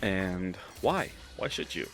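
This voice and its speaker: Low-voiced young man rambling profanely. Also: very animated, slow pace, gravelly, a bit bright, soft background music. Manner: rambling and profane, with stammered restarts. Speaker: vlogger. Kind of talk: casual advice talk.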